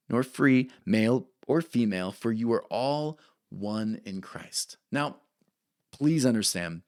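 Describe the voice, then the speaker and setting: A man preaching a sermon as a pastor, talking in a conversational way and often checking in with "right?" between points. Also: mid-range voice.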